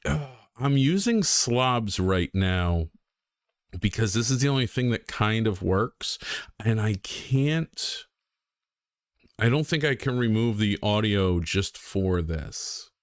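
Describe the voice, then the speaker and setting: A man's voice: lowish voice, animated, slow, dry recording, studio quality. A young man chatting casually on a game stream, rambling and self-deprecating with lots of ums and restarts.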